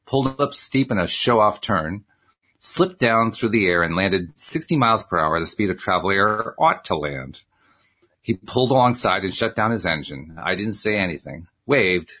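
A man reading a novel aloud in a relaxed, conversational way. His voice is low and a little husky, with a lively, rising and falling pitch. He drops chatty, joking asides between passages of narration. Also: moderate pace. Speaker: audiobook reader. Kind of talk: casual audiobook reading with spoken asides.

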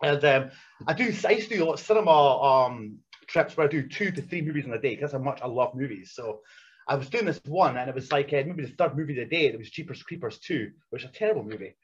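Animated husky storyteller man. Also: medium pitch, fast talker. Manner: animated, acts out voices in anecdotes. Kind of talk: casual storytelling chat. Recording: dull lo-fi recording.

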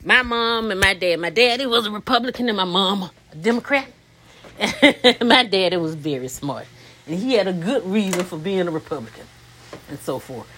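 Bright-voiced woman in her sixties, blunt. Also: animated, normal speed. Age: 60s. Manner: blunt, profane, wanders between topics; sudden jumps up in pitch for emphasis. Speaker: podcast host. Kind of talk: casual rambling monologue.

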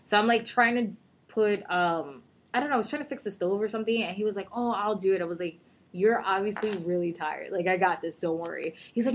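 A woman in her thirties talking casually with friends, spinning anecdotes in loose slang. Her pitch sits mid-range for a woman. She slips into quoted voices as she tells a story. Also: fast talker, a little hiss or hum. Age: 30s. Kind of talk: casual chat.

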